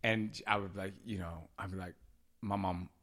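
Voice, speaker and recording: A man and father chatting casually on a podcast with his husband, telling lively family stories and laughing often. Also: deep voice, moderate pace. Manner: animated storytelling, acts out voices in quotes, laughs often. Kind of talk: casual couple chat.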